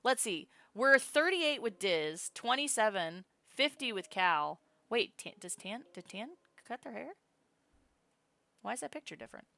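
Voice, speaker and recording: A woman streaming a game, excitable and swearing freely, muttering card counts and reading the story text aloud. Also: fairly high pitch, a little slow, vocal fry.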